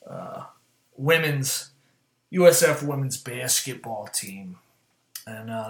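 A man's voice: mid-range voice, fairly bright tone, echoey room. A man hosting a casual sports rundown, rambling through scores with profane, self-mocking asides. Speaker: sports talk show host.

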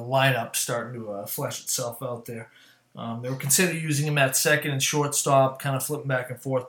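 A man's voice: medium pitch, fairly bright tone, roomy sound. A man hosting a casual sports rundown, rambling through scores with profane, self-mocking asides. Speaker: sports talk show host.

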